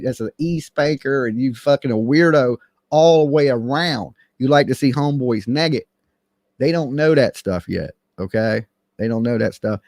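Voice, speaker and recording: A man's voice: mid-range voice, gravelly, a little mellow, no echo, studio quality. A man hosting a true crime livestream, ranting in a profane, mocking and combative way.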